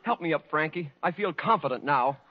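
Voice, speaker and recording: A man's voice: fairly high pitch, expressive, fairly quick. An actor playing a naive, eager young man posing as a famous singer in a 1940s radio comedy, stammering when nervous. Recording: muffled old radio broadcast with hiss.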